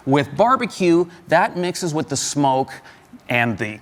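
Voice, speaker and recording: A man's voice: fairly high pitch, very animated, slow, fairly bright tone. A man, a food journalist, talking enthusiastically about food on a TV show. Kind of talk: studio chat and documentary narration.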